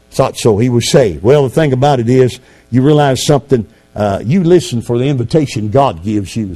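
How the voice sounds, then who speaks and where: A man preaching a sermon fervently, swinging from quiet asides to loud exclamations. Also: on the high side.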